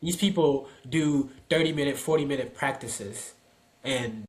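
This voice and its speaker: Speaking in an unhurried, medium-pitched voice, a soccer dad co-hosting a podcast tells youth soccer stories in casual chat. He's animated, performing the words of the people he quotes.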